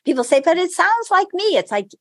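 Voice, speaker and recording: A middle-aged woman, a spiritual teacher and guest, telling stories in a casual interview, animated and laughing often. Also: extremely high pitch, a little fast, no room sound, studio quality.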